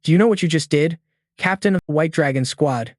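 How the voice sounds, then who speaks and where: A contemptuous old clan elder speaks with open scorn and threats, voiced by a man narrating a recap. The voice sits fairly high for a man. The sound is close and dry. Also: fairly quick, dry recording, close to an everyday voice. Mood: scornful.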